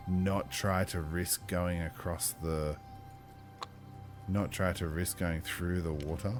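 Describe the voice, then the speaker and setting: A man running a tabletop game as game master, chatty and thinking aloud, with lively exclamations. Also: low voice.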